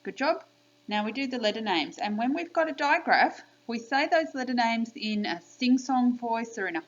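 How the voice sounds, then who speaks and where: A woman teacher giving a spelling lesson by video to young children, clearly sounding out letters and praising them. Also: mid-range voice, fairly bright tone, highs cut off. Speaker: primary school teacher.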